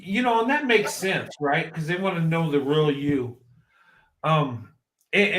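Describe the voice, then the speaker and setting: Halting high-voiced man chatting. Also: fairly bright tone. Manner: halting, restarts often, laughs a lot. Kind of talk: casual chat.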